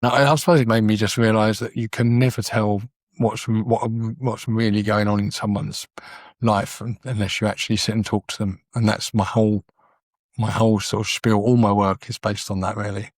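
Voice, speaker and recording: A man's voice: lowish voice, little pitch movement, moderate pace, no echo, clean studio sound. A man, a documentary photographer telling stories as a podcast guest in an earnest, rambling way. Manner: rambling, frequent restarts, earnest. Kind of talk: casual conversational storytelling.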